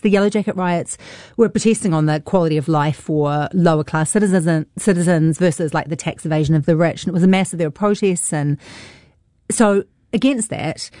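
A woman's voice: low-pitched, dark tone, no room sound, studio quality. A woman reviewing films in casual radio chat, enthusiastic and gushing. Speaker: film reviewer.

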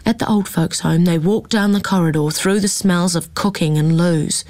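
A woman reading a children's story aloud in a calm, expressive way. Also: on the low side, moderate pace, hardly any pauses, no echo. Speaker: narrator.

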